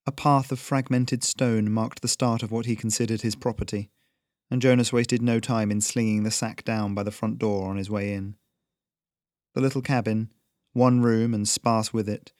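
A man reading a story aloud in a slow, measured narration. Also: fairly low pitch, a little mellow, no room sound, clean studio sound.

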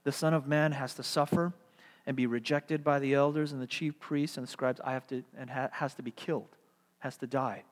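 Man voicing a calm, firm male teacher. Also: medium pitch, long reverb tail, lightly acted. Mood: plain. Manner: plain, measured, firm. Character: calm male teacher, speaking plainly and firmly.

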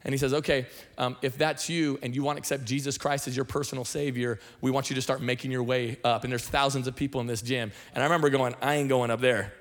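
A middle-aged man from Washington state, a senior pastor telling his testimony in a sermon, talking fast and conversationally with many restarts and repeated words. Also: medium pitch, little pitch movement. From Washington state, USA.

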